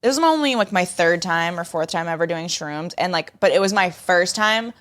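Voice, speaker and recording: A young woman co-hosting a casual podcast, telling a story with lively, animated delivery and acting out what she said at the time. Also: on the low side, normal speed. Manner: animated storytelling, acts out her own past lines. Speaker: podcast co-host. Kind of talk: casual chat.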